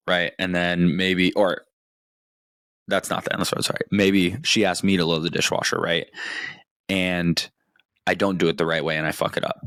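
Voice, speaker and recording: A man's voice: low voice, fairly even intonation, moderate pace, pauses often, fairly bright tone, no room sound. A man hosting a podcast, giving casual advice with lots of swearing and frequent "right?" check-ins. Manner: profane, conversational, keeps checking in with "right?". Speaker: podcast host.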